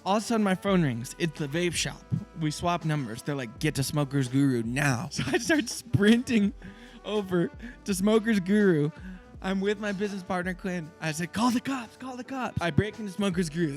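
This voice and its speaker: An animated man tells a story in a high voice, talking quickly and casually. He owns a small business. Faint music plays underneath.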